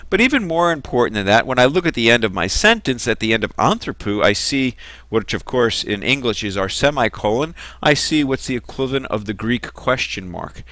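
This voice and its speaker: A man's voice: mid-range voice, lively intonation, brisk, pushed and bright, no echo. A man giving a recorded lecture on Greek grammar, explaining patiently and methodically.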